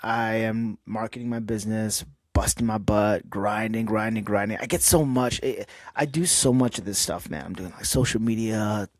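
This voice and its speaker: A man's voice: lowish voice, steady tone, normal speed, few pauses, dry recording. A man hosting his own podcast, talking candidly in a rambling, casual way with lots of fillers. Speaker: podcast host. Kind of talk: casual solo podcast monologue.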